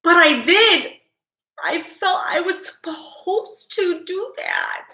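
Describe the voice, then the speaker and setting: A woman's voice: very high-pitched, huge pitch swings, takes it slowly, creaky, sharp tone, roomy sound. A woman psychic tarot reader talking to her livestream viewers, fighting back tears and repeating herself as she halts between phrases. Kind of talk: emotional livestream talk to viewers.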